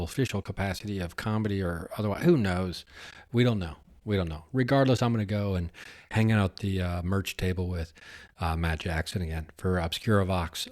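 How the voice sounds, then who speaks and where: A man's voice: lowish voice, darkish tone. A man hosting a podcast, rambling and chatty in a casual solo monologue, laughing at himself and swearing now and then. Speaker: podcast host.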